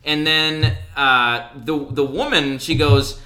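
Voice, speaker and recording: A man's voice: fairly high pitch, steady tone, slow pace, pushed and bright. A man in his thirties, a podcast co-host, telling a casual story full of fillers and restarts. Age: 30s. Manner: rambling, lots of fillers and restarts.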